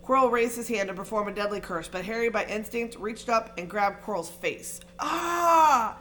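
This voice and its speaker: A woman narrating a fantasy novel aloud in an expressive, dramatic reading style. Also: mid-range voice, a little fast, a little hiss or hum. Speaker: audiobook reader. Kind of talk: storybook reading.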